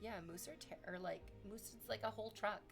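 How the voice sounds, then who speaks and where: A woman's voice: a little fast, gravelly, over music. A Canadian woman streaming, chatting animatedly with her viewers and laughing often. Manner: animated, laughing, shifts into high excited shrieks for quoted bits. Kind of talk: casual chat with viewers.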